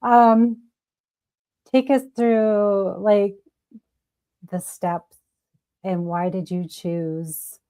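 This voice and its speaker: A woman's voice: medium pitch, steady tone, extremely slow, pauses often, warm tone. A woman with a mid-range voice hosts a casual interview. She is chatty and playful and keeps her questions loose. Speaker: radio host.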